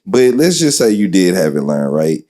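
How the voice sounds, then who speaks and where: Deep, mellow-voiced Texan man, laid-back. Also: sing-song, normal speed. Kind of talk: casual live feedback. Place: live poetry event venue.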